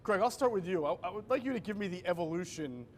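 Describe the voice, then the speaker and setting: A man with a slightly raised pitch hosting a pregame football show, upbeat and brisk as he reads promos and sets up questions. A faint low rumble sits under the recording. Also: animated. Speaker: show host.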